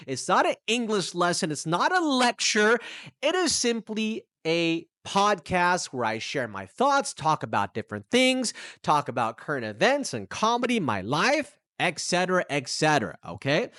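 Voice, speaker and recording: Man, podcast host and English teacher, emphatic solo talk into a mic, very lively pitch, dry close sound. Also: no room sound. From United States. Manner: animated, emphatic, talking straight to the listener. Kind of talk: casual solo podcast monologue. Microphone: studio microphone.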